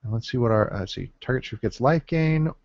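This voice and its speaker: A man's voice: medium pitch, expressive, fairly quick, vocal fry, a little mellow, no echo. A man giving casual commentary while drafting in a card game, thinking aloud with many fillers and counting under his breath. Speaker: gameplay commentator. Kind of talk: casual deck-building commentary. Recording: dull lo-fi dry mic.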